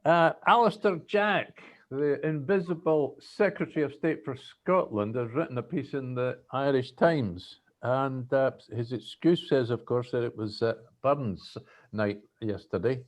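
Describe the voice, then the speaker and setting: A man hosting a casual political discussion, briskly steering the talk between topics. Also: medium pitch, expressive. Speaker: host.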